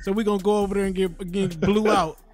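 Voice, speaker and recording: A man's voice: high-pitched, fairly even intonation, quick pace, faint music behind. A man co-hosting a podcast, talking in brash, profane, casual banter. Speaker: podcast co-host. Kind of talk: casual chat.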